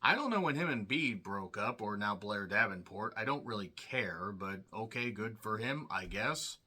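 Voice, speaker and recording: A man's voice: fairly low pitch, animated, moderate pace, pushed and bright, husky. A man recapping a wrestling show in casual commentary, sarcastic and profane, with rambling asides.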